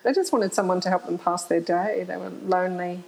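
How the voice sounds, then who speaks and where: A woman's voice: fairly low pitch, fairly even intonation, a little fast, creaky, a little mellow, slightly rough, poor audio. A middle-aged woman, a guest telling frank stories in an interview and laughing often. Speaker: guest, author. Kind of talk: candid storytelling interview.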